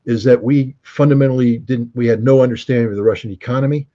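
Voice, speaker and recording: A man's voice: mid-range voice, fast, dark tone. An American man giving emphatic, argumentative commentary as an interview guest, fond of rhetorical questions, on dull lo-fi call audio. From United States.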